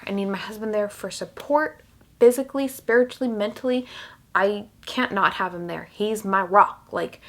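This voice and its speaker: A woman's voice: medium pitch, a bit bright. A young woman vlogging casually, rambling with many fillers and restarts while she cries. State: crying. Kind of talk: emotional casual vlog talk.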